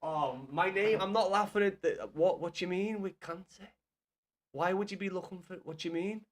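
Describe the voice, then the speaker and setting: A young man talks to his viewers on a gaming livestream, his voice sitting a little high for a man. He fires back at his chat with blunt, sweary banter, loose and unscripted. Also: moderate pace.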